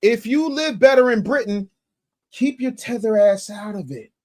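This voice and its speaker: A man hosting a commentary show who reacts to clips in an animated, mocking way, with loud bursts and stammered restarts. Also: very high-pitched, normal speed. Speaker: show host.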